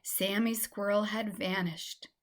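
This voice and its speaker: A woman reading a children's storybook aloud in a gentle, expressive way. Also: mid-range voice, slow.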